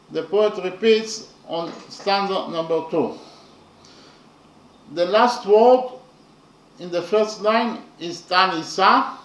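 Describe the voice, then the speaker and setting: A man teaching poetry in a slow lecture, halting often with fillers as he explains. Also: high-pitched, a little hiss or hum. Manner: hesitant, many pauses and fillers. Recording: echoey room.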